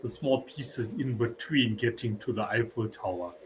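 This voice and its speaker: A man's voice: mid-range voice, moderate pace, rough recording. A man hosting a podcast, talking loosely and conversationally with frequent "you know"s. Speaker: podcast host. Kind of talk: casual interview chat.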